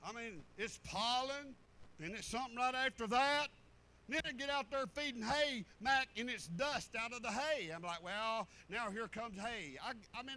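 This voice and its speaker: A man's voice: extremely high pitch, bright, forceful tone, low-quality recording. A middle-aged man, a pastor preaching a sermon in a folksy storytelling way with rural turns of phrase.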